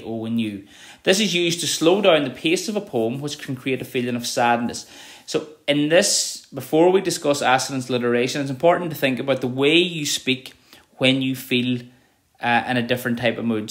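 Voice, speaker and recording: A man teaching a recorded revision lesson, explaining terms with frequent checks like "okay" and reading examples out slowly. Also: mid-range voice. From Ireland.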